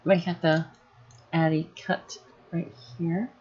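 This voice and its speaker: A woman running a casual live software tutorial, thinking aloud as she works. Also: fairly low pitch, little pitch movement, slow pace, husky, muffled recording. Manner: thinking aloud while working, casual and chatty. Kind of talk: live screen-recorded tutorial.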